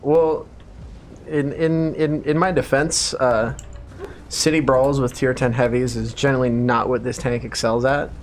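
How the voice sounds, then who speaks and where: A man's voice: medium pitch, fairly even intonation, unhurried. A man streaming a tank game, chatting casually with a wry, self-deprecating grumble. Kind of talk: casual gaming chat. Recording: faint background noise.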